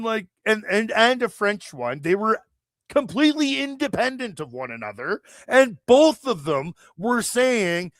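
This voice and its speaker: A man's voice: high-pitched, fairly bright tone, no echo, studio quality. A man from Canada hosting a live chat stream, delivering a profane, heated, rambling political rant. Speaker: livestream host.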